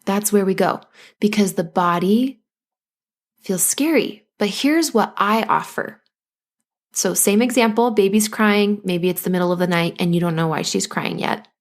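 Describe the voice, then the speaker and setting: A woman hosting a solo podcast as a postpartum coach, talking listeners gently through anxiety and now and then acting out their worried thoughts. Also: mid-range voice, normal speed. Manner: gentle, coaching, acts out anxious inner voices.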